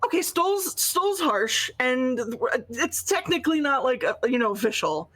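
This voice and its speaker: A woman's voice: high voice, sing-song, normal speed, a bit bright. A woman playing on a live-stream show, chatting playfully and laughing. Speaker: player on the show. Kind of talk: casual live-stream chat.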